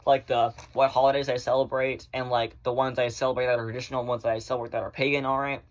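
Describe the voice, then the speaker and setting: A man chatting casually in a vlog, rambling through viewer questions and swearing freely, often in fast bursts. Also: medium pitch, level tone, muffled recording. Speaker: vlogger answering viewer questions. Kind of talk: casual chat.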